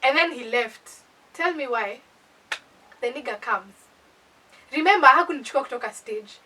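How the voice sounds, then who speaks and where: Young Kenyan woman, animated storyteller, high breathy voice, distant mic. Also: normal speed, a little hiss or hum. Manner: animated, indignant, code-switching. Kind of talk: casual storytime.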